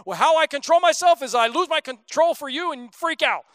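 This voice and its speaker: A man's voice: very high voice, lively intonation, fairly quick, a bit bright, no echo, clean studio sound, pitched above the performer's own voice. A man putting on the voice of his frightened five-year-old son, who rambles in a panic during a sermon. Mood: panicky. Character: frightened little boy, five years old.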